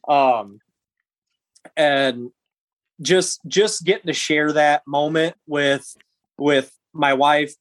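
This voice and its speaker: A man in his thirties, a podcast guest, telling a story in animated, halting bursts with many restarts. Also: medium pitch, no echo.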